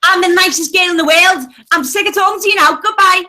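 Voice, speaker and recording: A woman's voice: extremely high pitch, fast talker, crowd noise. A woman arguing heatedly in an online voice chat, combative and swearing constantly. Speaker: voice chat room participant.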